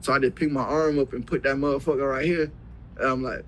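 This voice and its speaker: An interview guest, a young man, retells a story casually in heavy profane slang, acting out the lines people said. His voice is medium-pitched and steady in tone at a quick pace, and the poor audio carries slight background noise.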